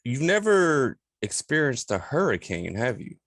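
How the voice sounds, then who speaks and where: Joking Southern podcast host, dry close sound. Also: male voice, mid-range voice, very animated, measured pace, fairly bright tone, dry recording. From Louisiana. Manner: joking, blunt interviewer. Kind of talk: casual chat.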